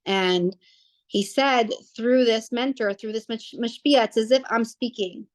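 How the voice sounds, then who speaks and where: A woman's voice: on the high side, measured pace. A young woman telling a family story casually, rambling with restarts and fillers.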